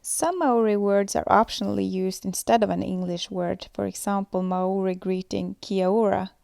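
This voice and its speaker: A woman giving a scripted lesson, explaining points in a measured way as she reads from notes. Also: medium pitch, steady tone, vocal fry, darkish tone. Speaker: student presenter.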